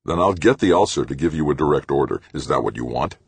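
A man's voice: lively intonation, fast, breathy edge, dry recording, heavily acted. A man voicing a stubborn, protective man in an audiobook, firm and insistent. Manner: firm, insistent, low and final. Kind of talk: audiobook character voice.

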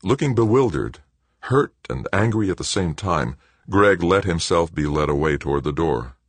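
Very deep, husky male audiobook narrator. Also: animated, moderate pace, dry recording. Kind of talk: scripted narration.

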